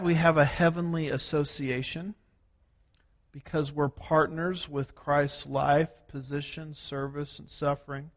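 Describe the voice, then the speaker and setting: A man from the United States preaching a sermon as a pastor, working through numbered points and slowing down to stress key words. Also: fairly high pitch. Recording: long hall reverb.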